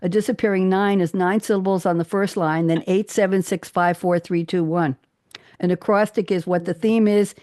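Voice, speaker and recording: A woman hosting a radio talk show, chatting with guests in a lively, storytelling way. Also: medium pitch, moderate pace, no echo, studio quality. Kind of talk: casual radio chat. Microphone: studio microphone.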